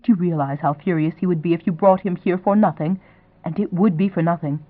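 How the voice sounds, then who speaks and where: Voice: medium pitch, fairly quick, no echo, close to an everyday voice. A reader voicing a proud, anxious young woman who answers in a clipped, defensive way, in a romance audiobook. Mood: guarded. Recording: dry, thin phone-like sound.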